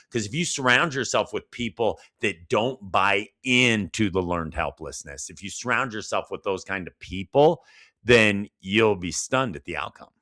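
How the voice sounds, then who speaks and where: A middle-aged man co-hosting a podcast, telling stories conversationally with big upward jumps in pitch when he retells a scene. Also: bright, forceful tone. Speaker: podcast co-host.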